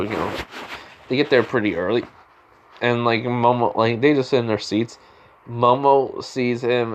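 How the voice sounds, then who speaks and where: A man's voice: medium pitch, dull audio, a little hiss or hum. A man casually retelling a fan-made story, rambling with lots of fillers and restarts.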